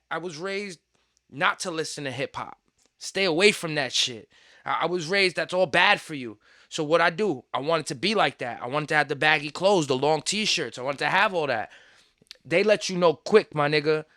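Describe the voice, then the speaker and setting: A young man, hosting a casual podcast and telling stories in an animated, slangy way full of swearing. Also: a little high, moderate pace, no echo, clean studio sound. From Puerto Rican, raised in New York. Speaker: podcast host.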